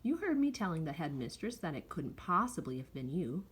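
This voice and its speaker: A woman voicing a kind young schoolteacher in a storybook reading, speaking in a soft, measured way. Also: sits low, sing-song. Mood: puzzled. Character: gentle young female schoolteacher, kind and patient.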